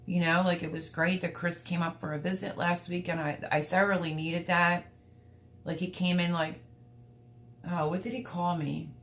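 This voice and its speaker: A woman's voice: on the low side, flat delivery, normal speed, fairly bright tone. A middle-aged woman, chatting candidly and emotionally to viewers on a livestream from home. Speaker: livestream host. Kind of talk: casual livestream chat. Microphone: livestream camera mic.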